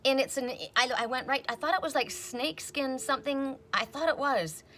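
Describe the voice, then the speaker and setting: A middle-aged woman reading oracle cards in a casual, rambling chat, telling stories and quoting people in animated voices. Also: high voice, moderate pace, a little hiss or hum. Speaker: oracle card reader. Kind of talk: casual chatty video reading.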